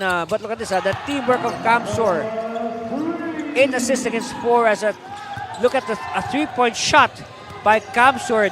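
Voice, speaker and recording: A man with a Filipino accent doing lively basketball commentary, with frequent fillers and rising excitement on the plays. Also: sits high. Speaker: play-by-play commentator.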